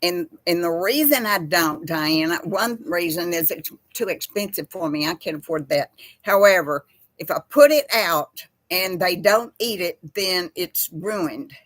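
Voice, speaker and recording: Brief: middle-aged woman host, chatty and rambling, lowish voice, dry close sound. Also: a little slow, fairly bright tone, dry recording. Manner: rambling, chatty, laughs easily. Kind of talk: casual livestream chat reading comments.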